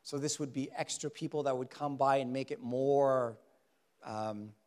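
A man preaching a Bible-teaching sermon in an animated way, often acting out the people he quotes. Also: mid-range voice, measured pace. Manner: animated, acts out quoted voices.

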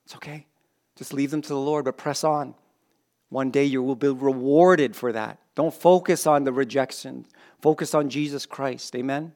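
A man delivers a sermon in a church, his voice sitting a little high for a man. He preaches in a conversational way, addressing the congregation directly and teasing those in the front rows. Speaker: pastor.

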